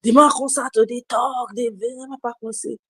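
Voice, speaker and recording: A woman with a Nigerian accent, telling stories in casual chat and acting out the quotes loudly. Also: fairly high pitch, a little fast, breathy edge, no echo. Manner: animated storyteller, acts out quotes loudly. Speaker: podcast host. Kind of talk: casual chat in Pidgin storytelling.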